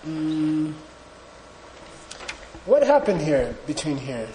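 A man's voice: a little high, very animated, very slow, dark tone. Man teaching in an echoey room. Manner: casual, joking, leads group recitation. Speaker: Buddhist philosophy teacher. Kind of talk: classroom teaching. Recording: echoey room with background noise.

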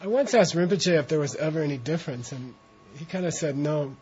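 A man leading a translation class, talking slowly and relaxed while he coaches pronunciation. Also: on the high side, slight background noise. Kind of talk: informal class talk with chanted reading. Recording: dull lo-fi classroom recording.

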